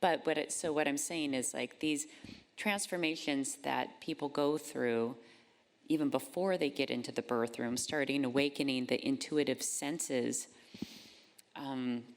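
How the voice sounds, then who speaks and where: A woman speaking on a panel discussion. Her voice is very deep with a gravelly fry, and she gropes for her words hesitantly. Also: unhurried. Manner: searching, hesitant, full of fillers.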